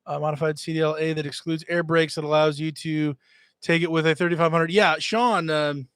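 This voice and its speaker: A man's voice: on the high side, steady tone, fairly quick, a bit bright, smooth, no room sound, clean studio sound. A middle-aged man hosting a casual live stream from home, greeting chat viewers by name with lots of "uh" fillers. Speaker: livestream host. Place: at home, indoors.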